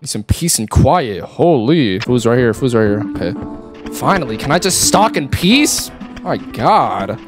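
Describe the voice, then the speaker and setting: Hyped guy playing a horror game, voice jumping way up and down, game music going underneath. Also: on the high side. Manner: excitable, trash-talks game characters, yells when startled. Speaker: gaming YouTuber. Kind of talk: let's play commentary. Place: home gaming setup.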